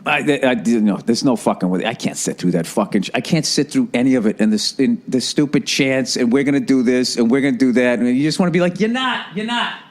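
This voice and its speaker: A man in his forties hosting a podcast, ranting in a profane, sarcastic, animated comedic style. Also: medium pitch, fast, hardly any pauses. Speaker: podcast host. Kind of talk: comedic rant.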